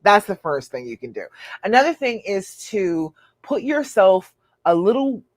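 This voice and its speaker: A woman's voice: mid-range voice, very animated, unhurried, no room sound. A woman hosting a live relationship-coaching show, answering viewer questions in an earnest, encouraging way and acting out imagined inner voices.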